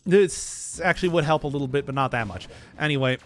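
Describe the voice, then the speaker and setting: A man's voice: a little high, fairly quick, fairly bright tone, no room sound. A man streaming a game, giving casual commentary full of giggly, self-deprecating banter with his chat.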